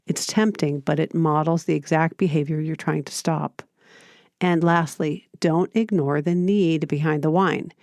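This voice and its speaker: Calm, lower-voiced woman podcast host. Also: no room sound, studio quality. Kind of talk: scripted parenting advice.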